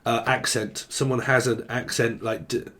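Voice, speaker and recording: A man talks through a tarot reading in a loose, meandering way, drifting from one word to the next. He jokes around and swears casually, and his voice sits at an ordinary middle pitch for a man. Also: level tone, moderate pace, fairly bright tone. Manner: loose and jokey, swears casually, free-associates on words. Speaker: tarot reader. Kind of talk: rambling solo tarot reading to camera.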